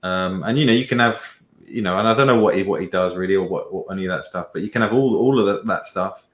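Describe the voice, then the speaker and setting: A man on an online panel, talking in a rambling, lively way and pressing his points. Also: low-pitched, quick pace, reverberant. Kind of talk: casual online debate.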